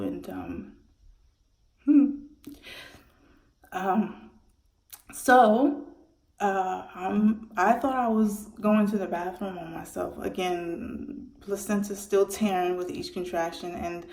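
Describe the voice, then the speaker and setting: A woman telling the story of her premature birth in a halting, emotional way, with many restarts. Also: mid-range voice, a little mellow, echoey room. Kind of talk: personal storytelling monologue.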